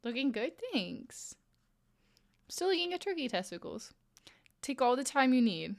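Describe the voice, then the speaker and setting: A woman livestreaming as she crochets, talking with her chat in a relaxed, playful way. Her voice sits a little high, and she laughs often as she reads out and answers viewers' messages. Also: a little slow, vocal fry. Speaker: streamer. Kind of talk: casual stream chat while crocheting.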